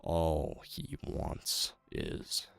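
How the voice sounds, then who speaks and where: Dude doing a low gravelly villain voice, slow and sneering, long pauses. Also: male voice, wildly swooping pitch, dry recording, heavily acted. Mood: scornful. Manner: slow, low, theatrical monologue with heavy pauses. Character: bitter male villain denouncing a false hero.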